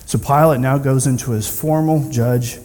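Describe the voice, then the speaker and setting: A man preaching a sermon in a church, retelling scripture in an animated storytelling manner and acting out the quoted speakers. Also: mid-range voice, normal speed, long reverb tail. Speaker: pastor.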